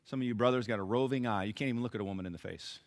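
A male pastor preaching an emphatic, deliberate sermon. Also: fairly low pitch.

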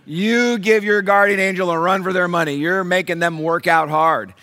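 A pastor preaching a sermon in church, animated, asking the congregation questions. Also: male voice, high-pitched, moderate pace.

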